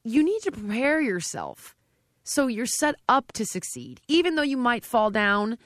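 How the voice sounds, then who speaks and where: A woman's voice: on the high side, unhurried, no echo, studio quality. A middle-aged woman, a fitness trainer, speaking emphatically and directly in a conversational interview. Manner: emphatic and direct, with animated quoted dialogue.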